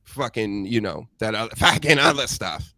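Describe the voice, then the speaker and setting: A man's voice: on the low side, expressive, moderate pace, sharp tone, dry recording, studio quality. A man from New England hosting a live-stream show, chatting bluntly with crude jokes. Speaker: host. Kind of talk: casual live-stream chat.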